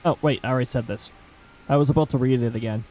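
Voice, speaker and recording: A man's voice: medium pitch, fast talker, warm tone, slight background noise, rough recording. A man streaming a game live, chatting casually and self-mockingly and reading chat messages aloud.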